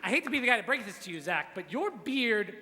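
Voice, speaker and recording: A very animated young adult roast speaker rattles off crude, self-deprecating jokes at a fast clip, shouting his punchlines as they rise. His very high, bright voice comes through a stage mic in a large hall, captured live with a long reverb tail and faint background ambience.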